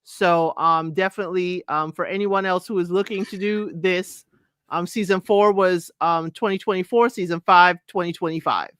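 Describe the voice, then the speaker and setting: A co-host in a casual livestream chat, speaking at a middle pitch and recapping episodes with frequent ums. The voice is close and dry, with no room sound. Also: fairly even intonation, normal speed, fairly bright tone, clear, resonant tone, no echo. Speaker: podcast co-host.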